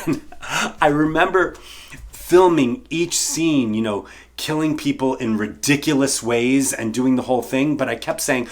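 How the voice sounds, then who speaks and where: A middle-aged man, an actor and bartender, telling a casual story in an animated way. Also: medium pitch, a little slow. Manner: animated, acts out the people he quotes.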